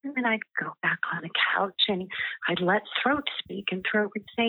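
A woman guest talks gently and earnestly and often restarts her sentences. Her voice comes through a tinny, phone-like line, and the sound is dry and close with no room echo. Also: mid-range voice, moderate pace, gravelly, husky. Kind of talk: casual personal storytelling.

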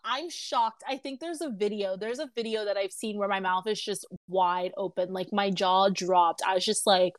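A woman in her twenties chatting casually with friends, blunt and quick to laugh, swearing freely. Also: mid-range voice, dry recording. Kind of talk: casual group chat.

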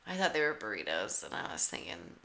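Gravelly, sarcastic woman commentator. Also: extremely low pitch, very animated, a little fast, bright, forceful tone. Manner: sarcastic, teasing asides. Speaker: comedic commentator. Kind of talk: mock play-by-play over a cooking show.

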